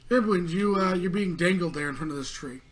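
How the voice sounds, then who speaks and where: A man's voice: high voice, fast, fairly bright tone. A man narrating a tabletop game as game master, in a loose, rambling way with many fillers.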